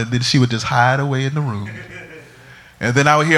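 A man pastor delivering a sermon, mixing scripture with humorous, animated stories. His voice sits in a middle pitch with a bright, forceful, tense edge. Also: a little fast. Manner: animated, humorous storytelling preacher.

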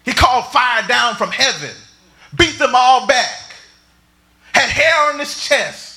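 A man preaching a sermon, swinging between shouts and near whispers. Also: very high-pitched, expressive, takes it slowly. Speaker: pastor.

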